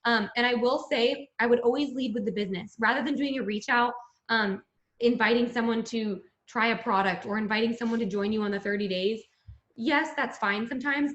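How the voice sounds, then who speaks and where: Female business coach, encouraging, slightly high voice, muffled roomy recording. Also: fairly bright tone. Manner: upbeat, encouraging, addresses "guys". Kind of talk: coaching call. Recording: echoey and dull.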